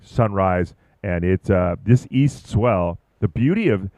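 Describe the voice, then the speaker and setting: A man commentating live at a surfing contest, chatty and excitable, rambling about boards and waves. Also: low voice, slow, no room sound.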